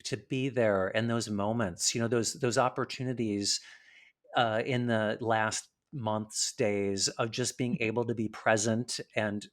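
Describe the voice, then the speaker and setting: Earnest man speaking gently. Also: fairly low pitch, fairly even intonation, measured pace. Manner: earnest, gentle, many fillers and restarts. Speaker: animal communicator guest. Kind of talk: casual conversation.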